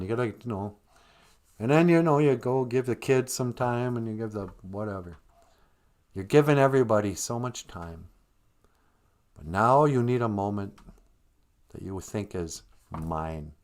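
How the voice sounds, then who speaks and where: A man hosting a livestream, chatting casually from home in a rambling, joking way. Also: on the low side. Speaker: livestream host. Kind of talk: casual chat.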